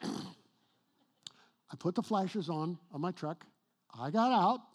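A middle-aged male pastor preaching a sermon, telling a personal story with a husky voice that swings from hushed to loud and emphatic. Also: fairly high pitch, expressive, slow, pauses often.

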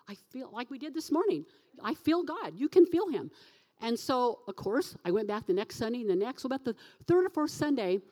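A woman pastor giving a sermon with a personal testimony, telling her story in an animated way and acting out the voices of the people she quotes. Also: on the high side, long reverb tail.

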